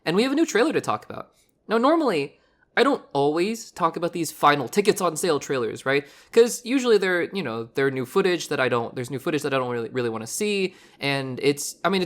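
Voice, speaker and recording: A man hosting a solo movie podcast, hoarse from recently losing his voice, talking in a rambling, animated way with frequent restarts. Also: on the high side. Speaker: podcast host.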